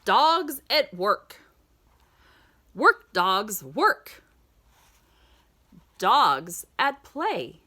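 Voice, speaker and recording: A woman reads a picture book aloud very slowly, her pitch leaping high and swooping low in an exaggerated sing-song storytime manner. Her tone is bright and clear, and she stops now and then to ask the listener questions. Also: sing-song. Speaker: children's book reader.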